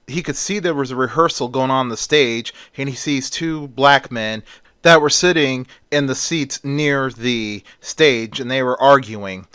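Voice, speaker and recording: A man's voice: mid-range voice, unhurried, pushed and bright, clear, resonant tone, dry recording, studio quality. A man retelling a story in a plain casual way, with small slips and fillers.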